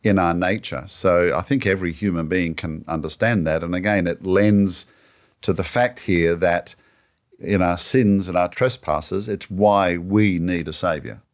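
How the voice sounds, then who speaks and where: Male co-host, very low voice, earnest teacher of scripture, conversational. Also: unhurried. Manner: earnest, explanatory, leans on "you know". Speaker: co-host of a Bible teaching show. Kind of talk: conversational Bible discussion.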